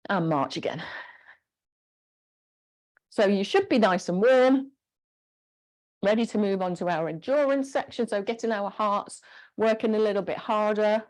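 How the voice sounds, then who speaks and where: A woman instructor leading a gentle guided exercise class, encouraging and giving step-by-step movement cues. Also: medium pitch, unhurried, long pauses.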